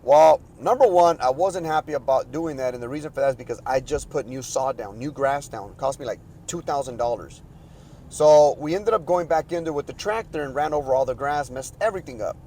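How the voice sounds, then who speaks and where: A man's voice: mid-range voice, fairly quick, warm tone, a little hiss or hum, low-quality recording. A man hosting a podcast, telling a long frustrated story in a casual, rambling way with many restarts. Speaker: podcast host.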